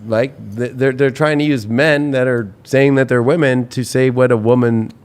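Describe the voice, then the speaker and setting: A man's voice: medium pitch, steady tone, moderate pace, clean tone. A man, a tarot reader, telling stories in a rambling, profane way on a casual podcast, full of restarts.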